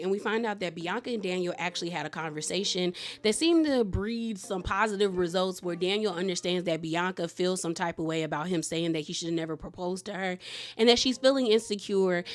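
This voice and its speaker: Chatty opinionated woman recapping a show. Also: on the low side. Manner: chatty, opinionated, heavy use of "like" and slang. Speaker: TV show reviewer. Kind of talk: casual commentary recap.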